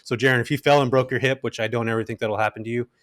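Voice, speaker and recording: A middle-aged man telling his story as an interview guest, animated and casual, with frequent fillers. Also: medium pitch, very fast, dry recording, studio quality. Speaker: guest, rental investor.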